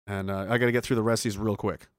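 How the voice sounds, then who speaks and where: A man's voice: lowish voice, steady tone, very fast, no echo, studio quality. A man from Canada hosting a livestream, reading chat messages aloud in a profane, rambling and emphatic way. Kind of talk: casual livestream rant.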